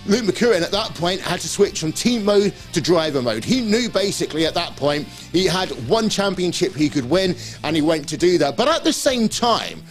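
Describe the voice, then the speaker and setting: A man presenting a live esports broadcast, recapping the results in an energetic, chatty way. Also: high voice, normal speed, few pauses, faint music behind.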